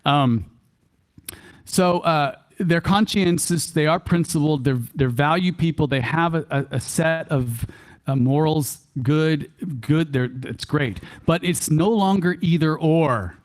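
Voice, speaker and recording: A man with a Texan accent giving a church workshop talk, animated and folksy, chuckling often and repeating key phrases for emphasis. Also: a little high, unhurried. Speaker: workshop speaker. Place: church hall.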